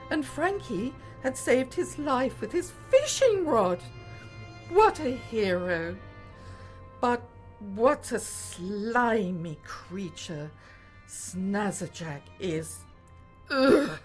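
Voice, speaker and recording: A woman narrating a children's story gently, often dropping to a hushed whisper. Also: a little high. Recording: faint music behind.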